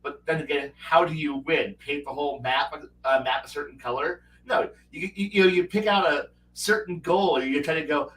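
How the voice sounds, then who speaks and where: A man's voice: on the high side, normal speed, few pauses, fairly bright tone, slight background noise. A man hosting a livestream who chats casually about strategy games, rambling with many restarts and acting out quotes. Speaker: livestream host. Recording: roomy, with a distant mic.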